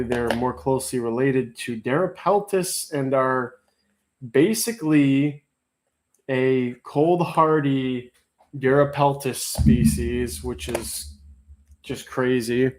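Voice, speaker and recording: A man running a live auction stream in a relaxed, off-the-cuff way. He rambles through side stories with plenty of fillers. Between stories he reads out viewer messages and counts down the bids. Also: medium pitch. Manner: rambling, chatty storytelling with many fillers. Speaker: livestream auction host. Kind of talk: casual livestream chat and auctioneering.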